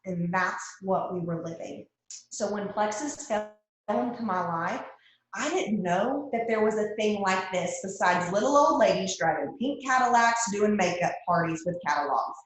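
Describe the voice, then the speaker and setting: A woman's voice: medium pitch, animated, normal speed. A woman with a Texan accent, guest-hosting a motivational team talk in a chatty way, repeating phrases for emphasis. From Texas. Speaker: guest host. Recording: very echoey room.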